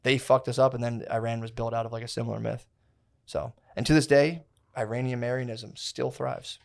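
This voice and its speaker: A man's voice: medium pitch, level tone, brisk, creaky, darkish tone. A young man chatting on a podcast, rambling through a story full of "like" and restarts and quoting people in a bro voice. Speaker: podcast co-host. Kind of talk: casual podcast chat, rambling history retelling.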